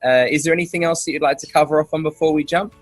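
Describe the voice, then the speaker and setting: Hesitant host, dry close sound. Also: male voice, on the high side, steady tone, rapid-fire, dry recording, soft background music. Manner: hesitant, with frequent fillers and restarts. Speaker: podcast host. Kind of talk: casual interview talk. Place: outdoors.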